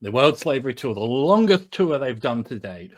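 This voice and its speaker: A man co-hosting a music podcast, telling a story in a casual, animated way. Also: mid-range voice, moderate pace. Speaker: podcast co-host.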